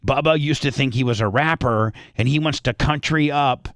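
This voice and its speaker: A man hosting a radio show in casual banter, halting and repeating himself, poking fun at himself, speaking into a studio microphone. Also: medium pitch, fairly bright tone, dry recording. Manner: halting, repeats words, self-deprecating. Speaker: radio host.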